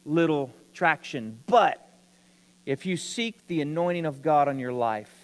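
A man's voice: a little high, lively intonation, unhurried, in a large hall. A man preaching a sermon, telling a story with rising emphasis.

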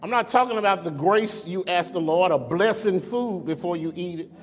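Man, pastor, sermon, slightly high voice, rhetorical questions, echoey church sanctuary. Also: normal speed. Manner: conversational preaching with rhetorical questions. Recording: long reverb in a church sanctuary.

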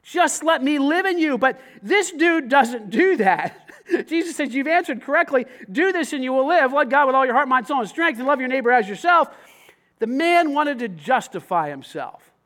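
A man delivers a sermon in a church, his voice pitched unusually high. He preaches in a lively, conversational way, dropping in casual slang as he talks to the congregation. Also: normal speed. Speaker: pastor.

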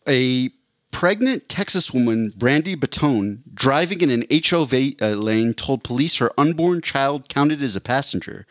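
Deadpan male podcast co-host. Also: medium pitch, measured pace, no echo, studio quality. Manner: deadpan joke delivery, over-explains punchlines. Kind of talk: casual comedy podcast chat.

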